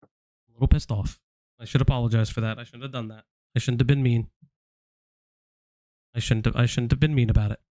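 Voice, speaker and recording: A man's voice: mid-range voice, steady tone, fast talker, long pauses, dark tone, no echo. Confrontational man on a livestream. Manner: confrontational, repetitive, addressing someone directly. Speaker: stream host. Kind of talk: livestream commentary.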